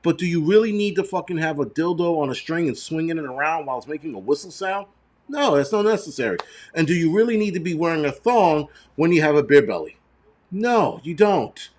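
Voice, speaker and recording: A man's voice: on the high side, expressive, a little fast, a little mellow. A middle-aged man hosting a casual livestream, answering viewers in a blunt, profane, rambling way. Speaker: channel host.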